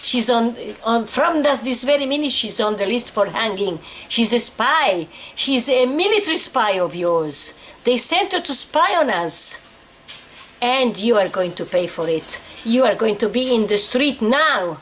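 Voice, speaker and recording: An older woman acting out a menacing male army officer who threatens a captive, with raised voice and pushed-up pitch. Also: animated, unhurried, fairly bright tone, slight background noise. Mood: threatening.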